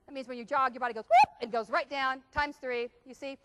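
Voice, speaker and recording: A middle-aged woman giving a lively seminar talk on stress to a live audience, asking the room questions and acting out family scenes. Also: high-pitched, brisk, very noisy. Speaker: stress management speaker.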